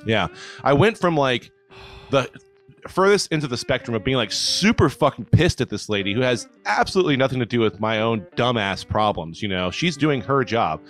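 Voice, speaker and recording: Dude rambling thru a story, like like like, swears a ton, faint music behind him. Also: male voice, medium pitch, very animated, moderate pace, a bit bright. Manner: rambling, heavy swearing, many fillers. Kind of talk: casual storytelling chat.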